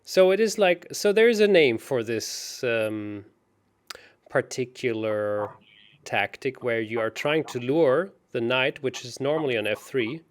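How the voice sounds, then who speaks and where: A man co-hosting a chess show, working through puzzles out loud in a hesitant, self-mocking way. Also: mid-range voice, expressive, measured pace. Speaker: chess co-host solving puzzles. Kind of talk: casual puzzle-solving chat.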